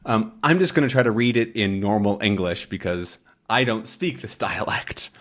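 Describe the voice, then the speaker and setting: A man teaching English, reading a comic aloud and explaining it slowly and carefully, often restarting and laughing. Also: fairly low pitch, fairly bright tone.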